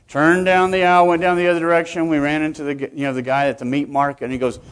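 A middle-aged man gives a speech to fellow judges in a loose, conversational way. His voice sits a little high, and he often repeats or restarts words as he goes. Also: fairly even intonation, very fast, few pauses, smooth. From Texas. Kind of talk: conference speech with anecdotes.

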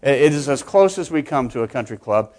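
A man's voice: mid-range voice, lively intonation, brisk, a little mellow. A middle-aged man, a municipal judge, giving a conversational conference speech to fellow judges, often repeating and restarting words. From Texas.

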